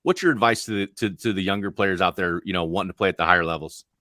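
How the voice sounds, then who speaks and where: A man hosting a podcast interview, speaking earnestly and haltingly, often restarting his sentences. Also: sits low, sharp tone, no room sound. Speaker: podcast host.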